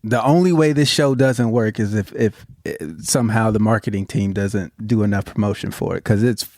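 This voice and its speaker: A man co-hosting a podcast, speaking in a halting, supportive way with stammers and restarts. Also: on the low side, fairly even intonation, a little mellow, dry recording, clean studio sound. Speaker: podcast co-host. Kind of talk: casual podcast chat.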